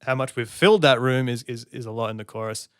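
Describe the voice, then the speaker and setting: A man's voice: medium pitch, quick pace, fairly bright tone, smooth, no echo, clean studio sound. A man giving music analysis commentary as a songwriter, stopping to sing lines and count beats to show his points. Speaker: songwriter reacting to an album.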